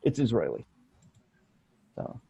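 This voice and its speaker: A man's voice: on the low side, wildly swooping pitch, takes it slowly, creaky, mellow, breathy edge, dry recording, dull audio. A man co-hosting a podcast, telling rambling anecdotes in casual chat with frequent restarts. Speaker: podcast co-host.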